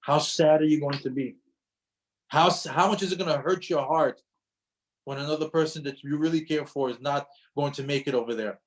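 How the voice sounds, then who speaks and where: Man giving a lecture, fairly high voice, emphatic, repeats key phrases, lively teaching delivery. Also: fairly quick, poor audio. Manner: storytelling with acted quotes. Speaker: religious teacher. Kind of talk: lecture to an audience.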